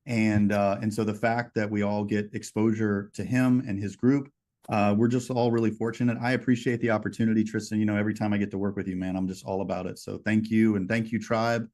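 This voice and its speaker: A man's voice: lowish voice, flat delivery, a little fast, darkish tone. A man signing off as a guest on a video call, thanking the host. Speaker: departing guest.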